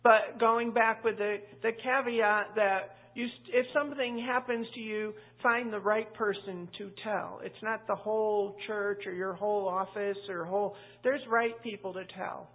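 Gravelly woman teaching the Bible, tinny. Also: medium pitch, fairly even intonation, measured pace, few pauses. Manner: conversational, emphatic, quotes scripture. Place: church room with a live group. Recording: tinny, lo-fi phone-like audio.

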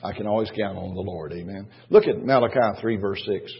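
Muffled, dull audio and a long church-hall echo follow every phrase of this husky pastor's emphatic, brisk sermon. His voice is lowish, and he repeats lines for weight while posing rhetorical questions to the congregation.

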